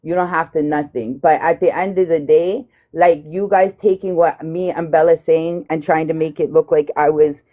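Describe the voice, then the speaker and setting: A woman with a slightly low voice hosts a heated live chat. She talks bluntly, swears freely and retells conversations with animated quotes. She sounds like she is in her thirties. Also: normal speed, hardly any pauses. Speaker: live stream host.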